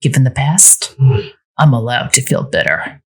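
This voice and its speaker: A woman voicing a bitter, sharp-tongued ex-wife who snaps and growls her lines in a story read aloud. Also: extremely low pitch, sing-song, measured pace, husky, heavily acted. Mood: bitter, snappish. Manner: snapping, growling.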